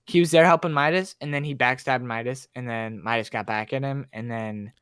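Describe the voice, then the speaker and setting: Excitable man with a dry voice. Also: mid-range voice, a little fast, clear, resonant tone, no echo. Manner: excitable, rambling, many fillers and restarts. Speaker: podcast co-host. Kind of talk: casual podcast chat.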